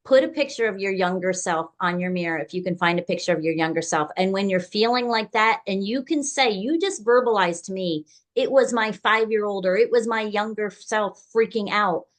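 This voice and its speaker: Woman, podcast host, medium pitch, direct, firm advice-giving. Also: normal speed. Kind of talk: advice in conversation.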